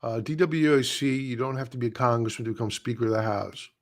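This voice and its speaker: A man hosting a live market show from a desk mic. He talks casually and bluntly, with a middle-pitched voice. He scoffs at headlines and repeats himself for emphasis. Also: fast. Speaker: livestream stock trading host.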